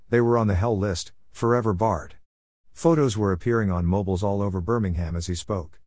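A man's voice: lowish voice, darkish tone, no room sound, studio quality. A man narrating a story for a podcast with wry, humorous asides.

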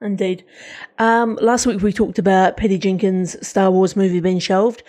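A woman co-hosting a casual podcast, talking with eager enthusiasm and frequent restarts. Her voice is warm and mellow rather than bright. She sits at a medium pitch. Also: fairly even intonation, moderate pace. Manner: enthusiastic, chatty, many restarts. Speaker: podcast co-host. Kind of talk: casual pop-culture chat.

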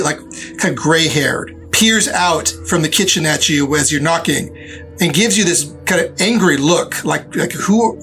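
A man with a fairly high, fairly bright voice runs a tabletop game as game master. His narration rambles and keeps restarting.

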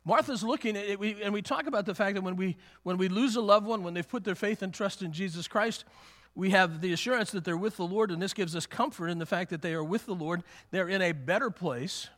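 Brisk and fairly bright, a man with a high-sitting voice delivers a conversational sermon. He tends to repeat and restart phrases and performs the words of the characters he describes.

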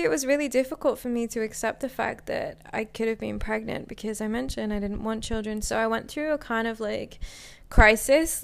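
A woman's voice: fairly high pitch, creaky, smooth. A young adult woman casually telling a personal story, chatty and full of "like," acting out what people said to her. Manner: chatty, many "like" fillers, acts out quoted dialogue.

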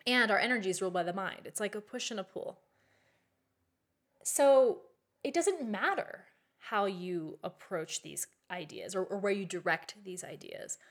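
A woman's voice: mid-range voice, moderate pace, fairly bright tone. Chatty, candid woman teaching witchcraft. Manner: chatty and candid, with frequent "like" and casual swearing. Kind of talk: casual spoken teaching.

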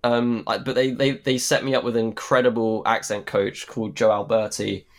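A man's voice: on the low side, level tone, normal speed. A young man, an actor, chatting in an interview, rambling with lots of fillers and restarts. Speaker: actor guest. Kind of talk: casual interview chat.

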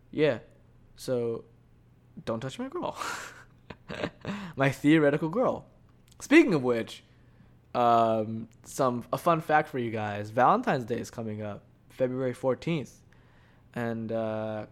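A young man hosting a podcast, rambling casually with lots of swearing, swinging between quiet confessions and loud animated bursts. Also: medium pitch.

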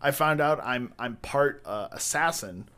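A man's voice: mid-range voice, lively intonation, measured pace, bright, forceful tone, clean tone. A man telling rambling, profane work stories in a casual chat, full of restarts and crude jokes. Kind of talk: casual storytelling.

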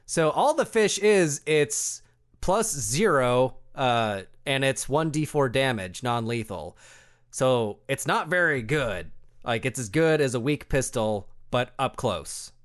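Lively man running a tabletop game. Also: medium pitch, slow. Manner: animated, laughing, explaining rules. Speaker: game master.

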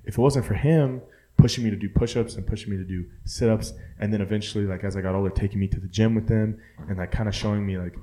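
Man, low voice, warm mellow tone, casual podcast chat, profane and rambling. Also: steady tone, quick pace. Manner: profane, rambling, many fillers. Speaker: podcast co-host.

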